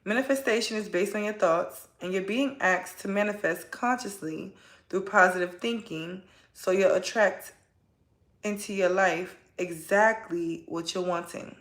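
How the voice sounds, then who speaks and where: A woman's voice: mid-range voice, unhurried, echoey room. A woman giving a casual spoken tarot reading, chatty and rambling, often tagging her points with a question. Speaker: tarot reader.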